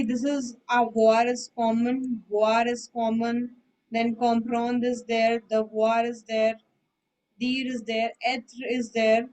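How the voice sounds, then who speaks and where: A woman teaches a French lesson online, talking at an unhurried pace in a voice pitched a little high. She explains step by step and keeps checking that her student has followed. Her tone is patient and steady. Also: a little hiss or hum, poor audio. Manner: patient, repeats and checks understanding. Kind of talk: online one-on-one language lesson.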